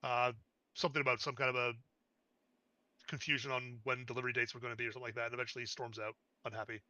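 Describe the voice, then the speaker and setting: A man's voice: medium pitch, flat delivery, very fast, pushed and bright, no echo, dull audio. A man narrating as game master of a tabletop game, describing the scene with frequent fillers.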